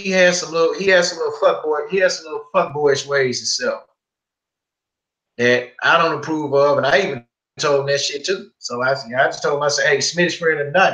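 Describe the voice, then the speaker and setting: A young man hosting a podcast, telling profane, animated stories full of quoted back-and-forth. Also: a little high, roomy sound, poor audio. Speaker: podcast host. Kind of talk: casual podcast storytelling.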